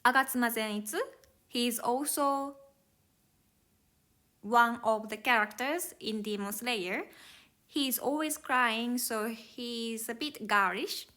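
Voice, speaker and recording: Lady japanese teacher, talks real slow n careful, kinda high voice. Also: pushed and bright. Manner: careful, step-by-step, non-native English phrasing. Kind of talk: explaining grammar slowly to learners.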